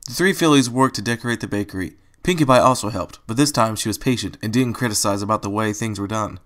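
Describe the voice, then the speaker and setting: A man reading fan fiction aloud as a storybook narrator, plain and calm, with small slips. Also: lowish voice, quick pace, few pauses.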